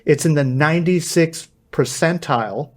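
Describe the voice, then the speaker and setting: A man as a podcast guest giving energetic, plain explanations and acting out bits of dialogue. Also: fairly high pitch, moderate pace. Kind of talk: podcast interview.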